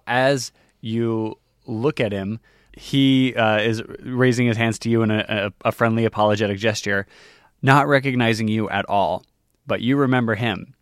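A man's voice: on the low side, no echo, studio quality. A man narrating as the game master of a tabletop game in a loose, chatty way with many fillers.

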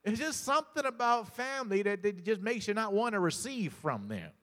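A man's voice: high voice, sing-song, a little fast, fairly bright tone, long reverb tail. A male pastor preaching a sermon, telling stories, often repeating words and calling out to the congregation.

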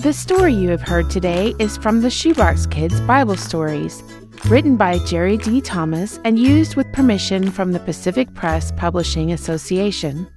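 A woman's voice: medium pitch, expressive, moderate pace. A woman reading a scripted closing announcement for a podcast. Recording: music bed behind.

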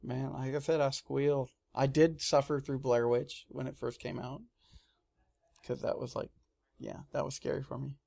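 A man in casual chat, telling lively stories and acting out his own screams. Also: mid-range voice, moderate pace, creaky. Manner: animated storyteller, mimics his own screams. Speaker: comic shop staff guest. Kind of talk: casual radio-style chat.

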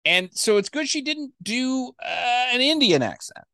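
A man co-hosting a casual podcast chat, animated, acting out characters he quotes. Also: very high voice, measured pace, clear, resonant tone, no echo, clean studio sound. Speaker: podcast co-host.

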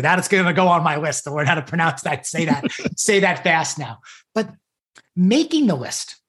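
A man co-hosting a podcast, talking through goals in a casual conversation, enthusiastic and fond of repeating key phrases. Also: fairly high pitch. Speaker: podcast co-host.

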